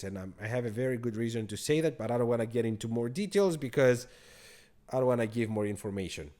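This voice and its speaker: A man who moved from abroad, hosting a credit card channel and telling a story to the camera in an animated, exasperated way. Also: medium pitch.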